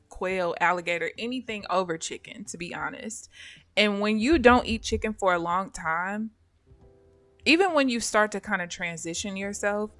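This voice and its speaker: Chatting with her live-stream audience, a woman at medium pitch recounts a casual anecdote with lots of energy, frequently laughing and performing the voices of whoever she's quoting.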